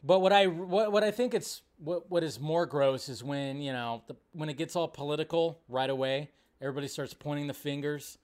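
A male host of a casual live stream, talking in a somewhat high voice. He rants loosely about whatever comes up, swears freely and slips into exaggerated mocking voices. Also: fairly even intonation, fairly quick, hardly any pauses, darkish tone, clean tone. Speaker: show host.

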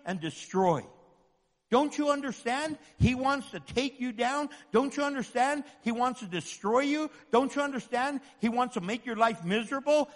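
A man preaching with fervor, driving his points home through repetition and voicing the doubts of his listeners. His voice sits high for a man. It rings out with a long reverb. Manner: impassioned, repetitive preaching with acted inner voices. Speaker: pastor. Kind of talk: sermon.

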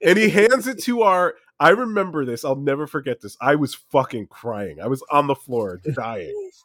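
Animated, laughing man telling a story. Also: on the high side, moderate pace, dry recording. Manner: animated, laughing often, profane. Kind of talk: casual storytelling among friends.

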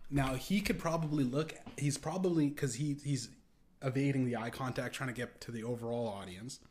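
A man's voice: medium pitch, a little fast, a little mellow, a little hiss or hum. A man hosting a podcast, riffing in casual, rambling comedic commentary with lots of swearing. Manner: rambling, profane, acts out quoted voices. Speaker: podcast host.

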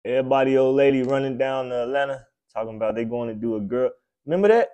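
Mellow-voiced man ranting and cursing. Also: quick pace. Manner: blunt, swearing, preachy, swings between loud outbursts and low mutters. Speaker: podcast host. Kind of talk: profane comedic rant.

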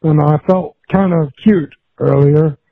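A man leaves a hesitant, slow voicemail for a call-in show, his voice sitting a little high. It comes through a tinny, narrow phone line. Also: vocal fry, no room sound. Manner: halting, hesitant. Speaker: caller. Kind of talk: voicemail message.

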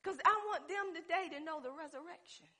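A woman preaching with a high, bright, ringing voice. She swings from loud exclamations down to hushed, low passages, and she calls out to the congregation as she goes. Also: fairly quick. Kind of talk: sermon.

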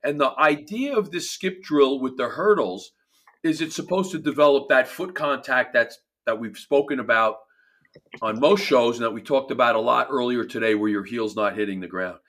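A man's voice: medium pitch, normal speed, a bit bright. A man with a New Jersey accent, a performance coach talking emphatically in a casual podcast chat, often restarting his phrases.

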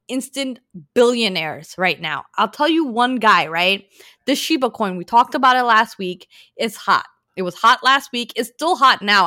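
A woman hosting a casual podcast, animated and talking straight to her listeners about the news. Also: a little high, no echo, studio quality. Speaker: podcast host presenting news. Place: lives in New York.

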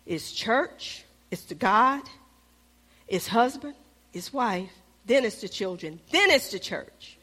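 A middle-aged woman preaching a sermon, calling out to the congregation and dropping at times to a hushed whisper. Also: sits high. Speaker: pastor.

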